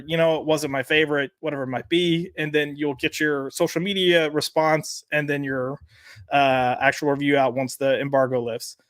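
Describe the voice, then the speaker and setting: Male co-host, rambling casual chatter, slightly high voice, dry close recording. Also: fairly bright tone, no room sound. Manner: chatty, rambling, lots of fillers. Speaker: podcast co-host. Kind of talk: casual chat reading live chat comments.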